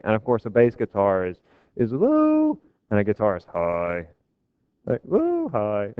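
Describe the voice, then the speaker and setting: A man's voice: medium pitch, clean tone, no room sound. A man giving a physics lecture to a class, casual and joking with his students. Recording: dull, dry lecture recording.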